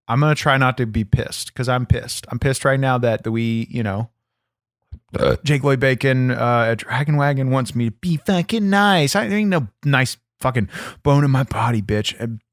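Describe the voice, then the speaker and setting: A man voicing a foul-mouthed, angry male wrestler persona on a comedy podcast, profane and gruff. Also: medium pitch, no echo, studio quality, close to an everyday voice. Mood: irritated. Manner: profane, gruff, constantly pissed off. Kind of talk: improvised comedy podcast banter.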